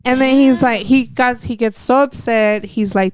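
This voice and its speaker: Smooth-voiced woman. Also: fairly high pitch, moderate pace, dry recording. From El Paso, Texas. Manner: candid and animated, swears freely, acts out quoted dialogue. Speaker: podcast guest, wrestler. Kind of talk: casual interview storytelling.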